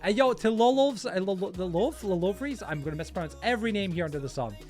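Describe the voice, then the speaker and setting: A man chats live with his viewers while building in a game. He talks fast in a high voice, restarting sentences and excitedly greeting and thanking people. Soft music plays faintly behind him. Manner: rambling with frequent restarts. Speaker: streamer. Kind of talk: casual live-stream chat while gaming.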